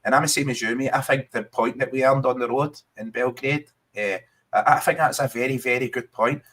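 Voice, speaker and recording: A man's voice: mid-range voice, steady tone, brisk, fairly bright tone. Chatty Scottish man talking football. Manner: chatty, keeps saying mate. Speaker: podcast co-host. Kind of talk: casual football chat.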